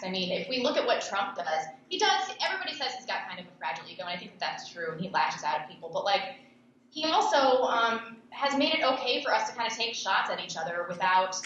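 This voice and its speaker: A woman's voice: mid-range voice, fairly bright tone, highs cut off. A young adult woman answering interview questions in a blunt, scornful way. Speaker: podcast host and interview guest. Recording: echoey room with faint noise.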